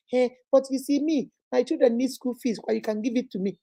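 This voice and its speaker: A middle-aged woman lectures on relationships in a high, mellow voice. She is animated and preachy and acts out other people's lines as she goes. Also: a little fast, hardly any pauses. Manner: animated, preachy, mimics voices and laughs often. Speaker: host. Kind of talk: motivational talk on relationships.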